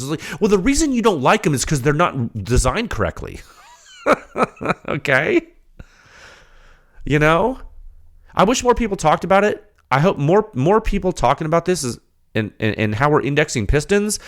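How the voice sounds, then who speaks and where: A man hosting a technical podcast, talking in an animated, ranting way with rapid rhetorical questions before settling into explaining data. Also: fairly high pitch. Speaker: podcast host.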